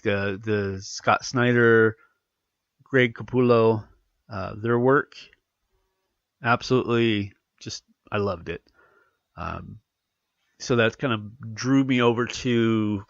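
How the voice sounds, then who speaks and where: A man talks through his podcast in a loose, rambling way, and his voice sounds stuffy and congested. His pitch rises and falls a lot, with a gravelly edge underneath. The sound is dull and lo-fi, recorded dry and close with no room echo. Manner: rambling, animated, self-correcting. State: congested from allergies. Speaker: podcast host. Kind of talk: casual solo podcast chat.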